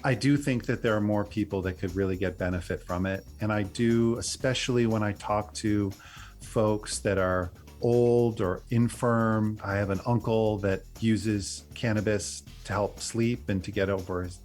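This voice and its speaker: A middle-aged man being interviewed on a podcast, with a lowish voice. He talks earnestly and at length, stumbling over restarts as he works through his thoughts. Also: fairly even intonation, unhurried, a little mellow, faint music behind. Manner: rambling, many restarts, earnest. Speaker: guest, company CEO. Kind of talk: casual interview.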